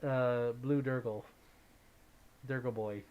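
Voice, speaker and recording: A man's voice: medium pitch, fairly even intonation, slow, clear, resonant tone, highs cut off. A man hosting a casual livestream, chatting and reading viewer comments aloud in an upbeat way, greeting viewers by name. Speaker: livestream host.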